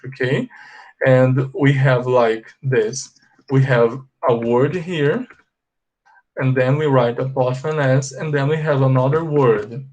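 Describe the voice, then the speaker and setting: A man with a Brazilian Portuguese accent teaches English at a board in an unhurried classroom manner. His voice sits in a middle pitch. He stretches each example word and keeps checking in with his students. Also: darkish tone, slight background noise. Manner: explains slowly, stretches example words, checks in with "ok?". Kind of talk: bilingual classroom lesson.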